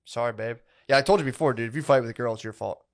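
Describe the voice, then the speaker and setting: A man's voice: medium pitch, racing, creaky. A man co-hosting a podcast, laid-back and crude, often acting out what he said to others. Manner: laid-back, quotes himself in asides. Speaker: podcast co-host. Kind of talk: crude casual banter.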